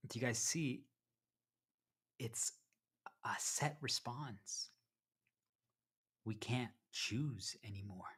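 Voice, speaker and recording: A man talks to his stream viewers in a loose, meandering monologue, often restarting his sentences and repeating himself. His voice is husky, with an ordinary middle pitch for a man. He sometimes talks while eating. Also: very slow, long pauses, fairly bright tone. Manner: repetitive, self-interrupting, addresses viewers as "you guys"; eating while talking at times. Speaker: live streamer. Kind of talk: rambling livestream monologue to chat.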